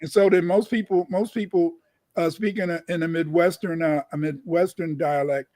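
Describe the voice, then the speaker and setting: A man with a notably high voice explains things in a lecturing way and keeps repeating words as he restarts. The sound is dry and close, with no room echo. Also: fairly even intonation, moderate pace, mellow. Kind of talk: casual livestream discussion.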